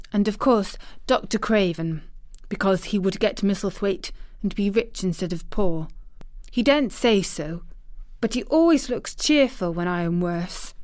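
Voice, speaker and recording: A woman voicing a sickly, resentful bedridden boy in a storybook reading, speaking slowly and crossly. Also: medium pitch, no echo, studio quality. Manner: cross, restless, gloomy.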